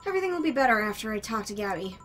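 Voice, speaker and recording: A woman reads out an anxious young female bartender from a visual novel. She talks to herself in a blunt, sardonic way, in a slightly high voice. Soft music runs in the background. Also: very animated, racing. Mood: nervous. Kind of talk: reading visual novel dialogue.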